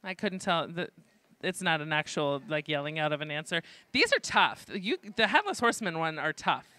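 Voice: medium pitch, big pitch swings, moderate pace, bright, forceful tone, no echo. A host with a New York accent runs a live trivia game show at a student event, tossing playful jokes to the audience. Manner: jokey, playful asides to the audience. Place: indoor student event at a library.

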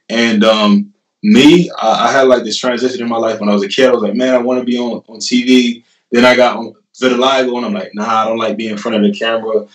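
A young man in his twenties, a guest casually telling a story and often acting out what he said and what others said. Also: medium pitch. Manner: animated, laughing retelling with lots of "I'm like". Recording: roomy and a bit distant from the mic.

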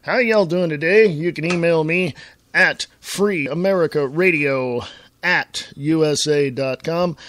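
A man hosting his own talk radio show, chatting in a rambling, casual way and clearing his throat often. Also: a little high, fairly bright tone, slight background noise.

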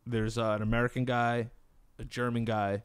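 A man's voice: mid-range voice, monotone, normal speed, smooth, no echo. A man hosting a podcast in casual chat, telling jokes and laughing along as he rambles. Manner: laughs through his own jokes, rambling storyteller. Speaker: podcast host.

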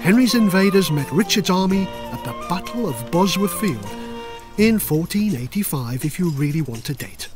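Older guy reading a kids' history book, fairly high voice, bouncy and dramatic, faint music. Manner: playful, dramatic storytelling. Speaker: author reading his own book. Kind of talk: audiobook narration for children.

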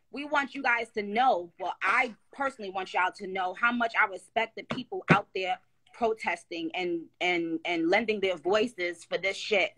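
A woman's voice: mid-range voice, bright, forceful tone. A woman talking into her phone on a casual live stream, emphatic and slangy, rambling through restarts.

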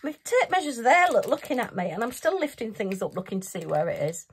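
A woman's voice: a little high, big pitch swings, fairly quick, a little hiss or hum. A woman hosting a craft channel, chatting through a casual unboxing review, giggly and poking fun at herself. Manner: chatty, giggly and self-mocking.

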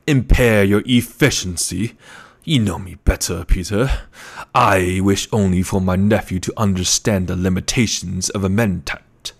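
A man doing a slow, menacing baron. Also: deep voice. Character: gluttonous scheming older male baron.

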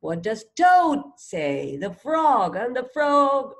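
A woman teaching a child to read, sounding out letters one by one and gently encouraging with prompts and questions. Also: fairly high pitch, very animated, takes it slowly. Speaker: reading teacher. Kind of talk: phonics read-along lesson for a child.

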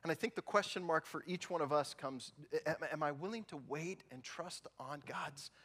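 A male pastor preaching a sermon in a large church sanctuary, telling stories with animation and dropping low and soft to drive home a point. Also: moderate pace, a little hiss or hum. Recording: long reverb in a big hall.

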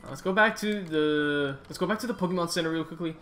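Hosting his gaming channel, a man with a voice on the high side talks through his play in a casual, rambling way. He's easily excited and quick to groan and curse at the game, and soft music plays in the background.

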